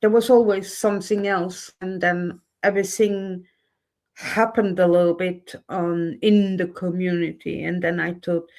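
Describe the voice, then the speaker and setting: A woman's voice: on the low side, fairly even intonation, measured pace, a little mellow. A woman hosting her own channel in a candid livestream monologue, speaking bluntly and getting heated and indignant about what she sees. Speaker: channel host.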